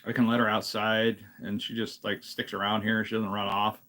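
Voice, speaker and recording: A man chatting casually on a live stream while fixing a snack in his home kitchen, thinking out loud as he works. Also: lowish voice, level tone, moderate pace.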